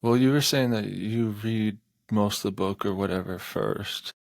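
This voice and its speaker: Gravelly low-voiced man chatting casually. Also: measured pace. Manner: relaxed, hedging, lots of "like". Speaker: podcast co-host, audiobook narrator. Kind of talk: casual podcast chat.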